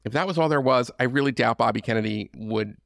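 A man with a gravelly, creaky voice tells history in a loose, conversational way, stacking asides and casual fillers. His pitch sits in the middle for a man. The sound is close and dry, with no room echo. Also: fast, fairly bright tone. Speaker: podcast host. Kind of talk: history podcast monologue.

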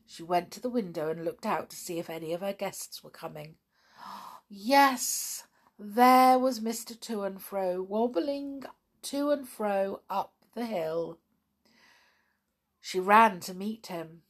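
A woman reading a children's storybook aloud in a gentle, expressive, unhurried way. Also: medium pitch.

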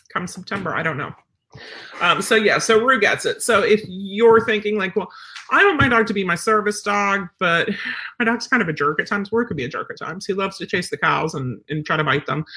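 A woman dog trainer chatting casually to viewers, rambling and filling pauses with um and you know. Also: lowish voice, pushed and bright. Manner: rambling, chatty, many fillers.

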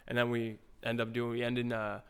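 A man's voice: mid-range voice, monotone, a little fast, fairly bright tone, clean tone. A young man, a pro hockey player, casually telling a story in an interview, laid back with lots of fillers. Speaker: guest, pro hockey goalie.

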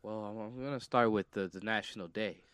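A young man with a smooth, clean mid-range voice, co-hosting a podcast in relaxed chat. He answers in a laid-back, deadpan, playful way. The recording is dry and close. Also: lowish voice, a little fast, no room sound. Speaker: podcast co-host. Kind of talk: casual chat.

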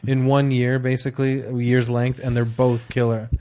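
A man's voice: medium pitch, little pitch movement, normal speed, dark tone. A man chatting as a podcast guest, geeking out enthusiastically about music he loves. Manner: enthusiastic, self-deprecating fan talk. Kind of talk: casual chat.

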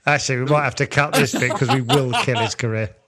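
A man hosting a podcast, teasing his co-hosts with lively, sweary banter. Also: mid-range voice, fast talker. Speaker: podcast host. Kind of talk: casual podcast chat.

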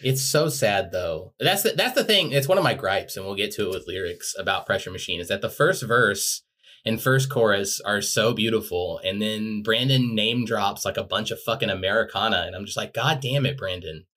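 Podcast guy, kinda low voice, swears a lot, wry. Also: lively intonation, normal speed, sharp tone. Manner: profane, wry. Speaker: podcast co-host. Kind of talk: casual chat.

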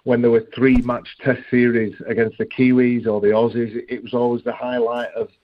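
A man's voice: mid-range voice, flat delivery, fairly quick. A man who is a rugby league guest, talking earnestly in a phone-in interview, often restarting and repeating words. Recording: dull dry phone line.

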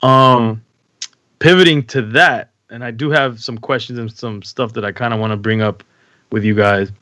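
A man's voice: medium pitch, fairly even intonation, normal speed, sharp tone, no room sound. A man in his thirties on a podcast, rambling casually with lots of fillers and self-corrections. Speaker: podcast co-host, expectant father. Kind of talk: casual chat.

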